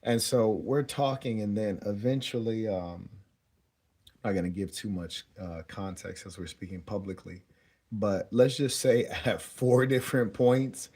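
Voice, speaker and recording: Young male dating coach, low voice, easygoing slang-heavy monologue with chuckles. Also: steady tone, a little slow, a little mellow. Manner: laid-back, slangy, chuckles often. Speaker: dating advice host. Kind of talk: casual storytelling monologue.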